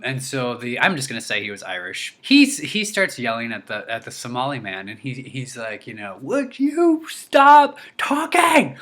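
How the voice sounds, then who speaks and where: A young man telling a story to his viewers in a casual, animated way, full of restarts, his voice leaping up when he quotes himself. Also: mid-range voice. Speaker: vlogger.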